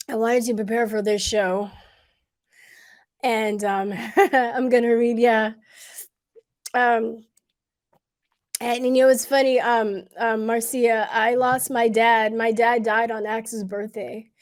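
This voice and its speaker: A woman hosting a casual livestream, talking to viewers with many pauses, fillers and restarts, and growing emotional at times. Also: on the high side. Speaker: livestream host.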